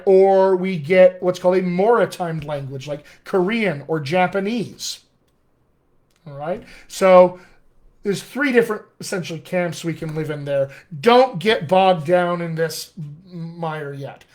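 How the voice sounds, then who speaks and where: A man teaching as a dialect coach in a live online lesson, explaining patiently and sounding out example phrases, often checking in with "all right?". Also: high voice.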